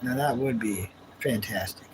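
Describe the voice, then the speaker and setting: A man's voice: medium pitch, a little slow, slight background noise, rough recording. A man hosting a livestream from home, chatting casually with viewers in a laid-back, drawling way and laughing often. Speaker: livestream host. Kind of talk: casual chat with live viewers.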